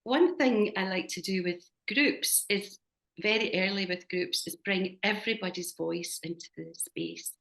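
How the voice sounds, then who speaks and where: A woman with a Scottish accent, guiding a group exercise as facilitator over a video call, giving gentle, measured instructions. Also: medium pitch, vocal fry. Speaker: workshop facilitator.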